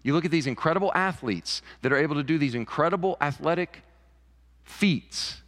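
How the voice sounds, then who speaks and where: A pastor preaches to his congregation in a church sanctuary, his voice sitting a little high for a man. He talks in an animated way and repeats words as he builds toward a point. A long reverb from the large hall trails behind each phrase. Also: a little fast. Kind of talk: sermon.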